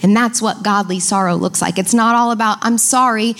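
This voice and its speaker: This is a woman preaching to her congregation in church, elongating key words and talking directly to the people, asking them to repeat. Her mid-range voice keeps fairly even intonation and moves fairly quickly.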